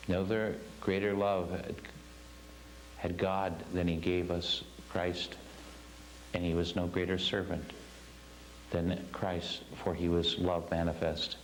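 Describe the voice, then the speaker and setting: A man's voice: low voice, fairly even intonation, a little slow, a little hiss or hum, rough recording. A man teaching a spiritual class, telling a story earnestly and stressing his points with repeated phrases.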